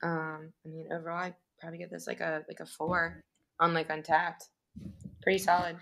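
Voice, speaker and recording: Female guest, low-pitched but bright tone, giggly, casual. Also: monotone, fairly quick, gravelly. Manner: giggly, with many "like"s and "um"s. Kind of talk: casual chat.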